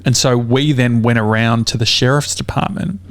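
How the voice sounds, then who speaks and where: A man's voice: mid-range voice, moderate pace, no echo. A young Australian man hosting a casual podcast, telling a long story with lots of fillers and swearing. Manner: rambling storyteller, swears a lot, many fillers. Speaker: podcast host. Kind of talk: casual chat.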